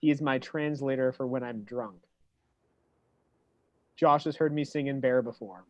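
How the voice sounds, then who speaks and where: Man, tabletop player, animated and joking, dry muffled sound. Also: mid-range voice, a little slow, no room sound. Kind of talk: casual tabletop play.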